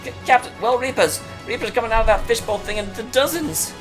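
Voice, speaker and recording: A man voicing a panicky male ship's crewman in a high, strained voice, reading video game dialogue aloud. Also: quick pace, music in the background. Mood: panicked.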